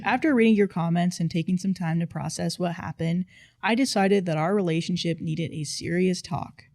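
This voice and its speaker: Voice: mid-range voice, normal speed, creaky, a little mellow, dry recording. Casual storytime reader, mid voice, dry playful delivery, no room sound at all. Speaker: storytime narrator reading online posts.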